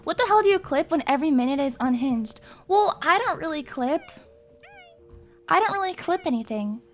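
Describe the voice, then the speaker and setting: A woman's voice: sits high, lively intonation, normal speed. A young woman streaming live, chatting in a hyper, rambling and crude way with her viewers. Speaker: VTuber streamer. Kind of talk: casual live-stream chat.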